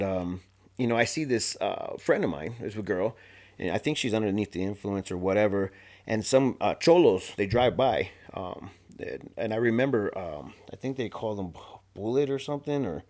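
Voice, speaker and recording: Appearing as a podcast guest, a man from Arizona with a somewhat low voice talks casually. His story comes out animated and slangy, packed with fillers and restarts.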